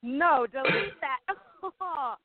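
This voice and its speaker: A woman's voice: high-pitched, animated, slow, a loud crowd. A woman, a singer guest on a radio show, chatting effusively and giggling often. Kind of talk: casual chat. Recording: tinny phone-like audio.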